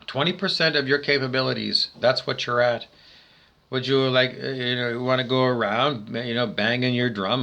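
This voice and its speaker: Bright-voiced man in a rambling rant. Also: medium pitch, normal speed. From Canada. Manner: insulting, repeats "I don't know" often. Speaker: spiritual vlogger. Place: indoors by a window.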